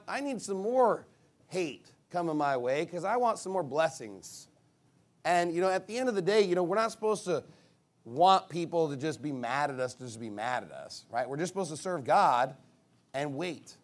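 A man preaching a sermon in a high, lively voice that swings widely in pitch. He reads scripture slowly with climbing emphasis, then turns animated and mocking, with sudden shouted bursts. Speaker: pastor.

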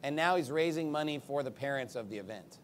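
A man preaching a sermon in an emphatic, combative way, with sarcastic asides and big swings in pitch and loudness. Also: animated, quick pace, a little hiss or hum.

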